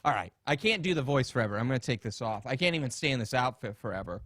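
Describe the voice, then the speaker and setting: A man hosting a comedy podcast, talking crudely and profanely in a rapid, ranting way. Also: mid-range voice, animated, a bit bright. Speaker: podcast host. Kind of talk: casual comedic podcast rant.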